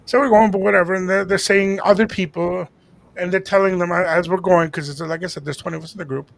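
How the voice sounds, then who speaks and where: A man co-hosting a podcast, telling a story in a casual chat and acting out the dialogue with lively energy. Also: high voice, quick pace, creaky. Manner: animated, acts out quoted dialogue. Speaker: podcast co-host.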